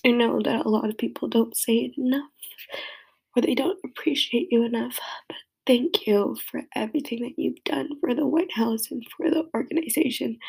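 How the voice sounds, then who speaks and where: Tearful young woman with a gravelly voice. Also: fairly high pitch, darkish tone. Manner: rambling, heartfelt, halting. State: crying. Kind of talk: emotional personal tribute.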